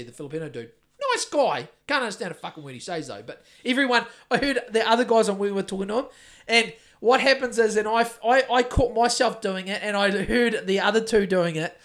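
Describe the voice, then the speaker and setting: A man's voice: high-pitched, a bit bright. A man with a New Zealand accent, a house painter and podcast co-host, chatting casually in a rambling, sweary way with lots of restarts. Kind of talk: casual chat.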